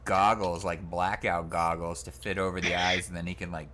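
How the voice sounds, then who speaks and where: A man playing a tabletop game, laid-back and quick to joke. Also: low voice, little pitch movement, sharp tone, slight background noise. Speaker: player. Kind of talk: casual game chat.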